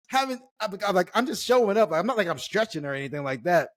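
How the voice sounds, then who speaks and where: A man, a former pro baseball player, telling stories as a podcast guest, animated and acting out quoted lines. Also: sits high, brisk. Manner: animated storyteller, acts out quotes, swears casually. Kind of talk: casual storytelling chat.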